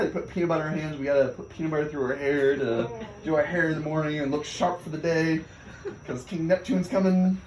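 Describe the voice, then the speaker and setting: A young man, a Navy sailor, casually telling a story about his deployment, laughing often and acting out the things people shouted at him. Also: on the high side, fast talker, noisy background. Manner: animated, laughs often, acts out quoted shouts. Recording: echoey room.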